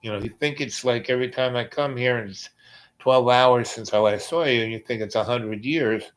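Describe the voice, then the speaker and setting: Male host, relaxed storyteller; hesitant, restarting delivery, quieter when quoting. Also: medium pitch, moderate pace. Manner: rambling, hesitant, with many ums and restarts. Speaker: podcast host. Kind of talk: casual personal storytelling.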